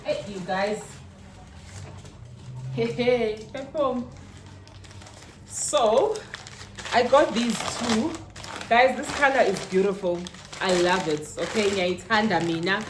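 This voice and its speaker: A woman's voice: medium pitch, slow, pauses often. Young south african lady doing a haul vlog, zulu-tinged english, bubbly and chatty, echoey room with a faint hum behind. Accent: South African, Zulu-inflected English. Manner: chatty, mixes in Zulu words, bursts up in excitement. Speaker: vlogger. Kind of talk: casual haul unboxing chat. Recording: roomy echo with faint ambience.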